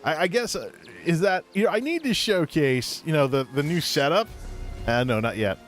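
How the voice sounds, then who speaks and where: A somewhat high-voiced man with a scratchy, hoarse throat chats through his game stream. He keeps slipping into a jokey mock-British presenter voice, his pitch bouncing all over the place. Faint music plays underneath. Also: animated, normal speed. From United States. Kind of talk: casual gameplay stream chat.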